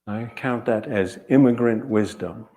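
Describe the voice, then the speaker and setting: A man, an author, speaking to an audience in a measured, earnest way, telling stories and repeating key phrases. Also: lowish voice, dark tone. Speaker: author giving a reading and talk. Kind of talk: reflective storytelling talk to an audience.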